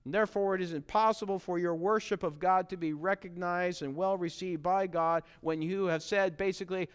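A male pastor delivering a sermon in a church, earnest and emphatic, circling back to repeat his key phrases. His voice is clean and resonant, pitched slightly above the usual male range. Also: steady tone, a little fast, hardly any pauses, clear, resonant tone.

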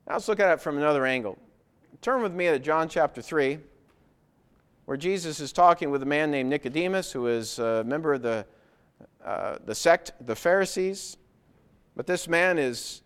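A man preaching a sermon in a smooth, clear voice that sits a little high. He leans on rhetorical questions and builds to loud, insistent points.

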